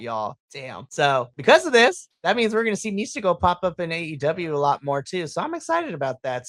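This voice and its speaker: A podcast host recapping a wrestling show in casual chat, excitable and profane, acting out their own reactions. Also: mid-range voice, dry recording.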